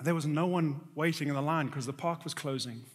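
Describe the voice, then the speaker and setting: A middle-aged man preaching a sermon, telling a story about himself in an animated, self-mocking way and acting out his own reactions. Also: on the high side, a little fast, husky. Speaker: pastor. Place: church hall. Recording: live church hall reverb.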